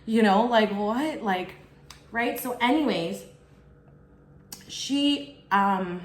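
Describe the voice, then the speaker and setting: Young woman vlogger, casual storytime, chatty, lots of "like", mid pitch, echoey room. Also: lively intonation, extremely slow. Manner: chatty, fills speech with "like", acts out others in quotes. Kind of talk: casual storytime while eating. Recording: roomy echo.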